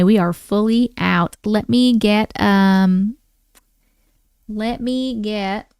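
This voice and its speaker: A woman's voice: mid-range voice, darkish tone, clear, resonant tone, no room sound, clean studio sound. A woman hosting a casual live stream, chatting and thanking viewers by name while keeping up a playful put-on accent. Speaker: livestream host.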